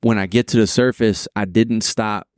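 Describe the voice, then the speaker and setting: A man hosting a podcast, telling his own story in an easygoing, halting way with plenty of fillers. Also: fairly low pitch, fairly even intonation, a little mellow, dry recording, studio quality. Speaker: podcast host. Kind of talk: casual podcast conversation.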